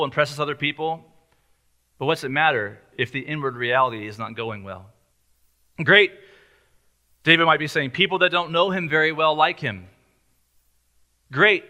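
Guy preaching a sermon, kinda high, bright voice, emphatic and earnest. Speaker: pastor.

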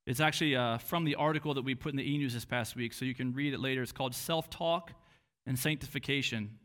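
A man's voice: mid-range voice, quick pace, fairly bright tone. A man preaching a sermon, earnest and questioning, who now and then acts out a harsh inner voice. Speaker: pastor.

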